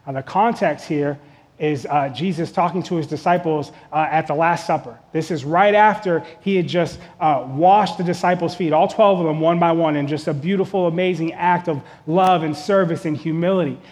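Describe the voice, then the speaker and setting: High-voiced earnest male preacher. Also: normal speed, darkish tone. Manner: earnest, repetitive, emphatic. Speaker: pastor. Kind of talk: sermon. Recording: long hall reverb.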